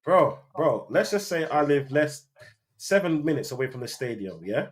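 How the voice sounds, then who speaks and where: A man's voice: on the high side, big pitch swings, normal speed, breathy edge. A man, teasing and interrupting in casual football banter. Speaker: co-host.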